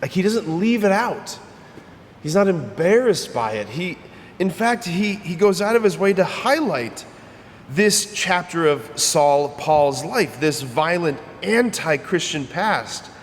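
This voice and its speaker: Conversational priest preaching in a reverberant church. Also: male voice, sits high, big pitch swings, slow, a little hiss or hum. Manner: conversational, emphatic, repeats phrases. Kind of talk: homily.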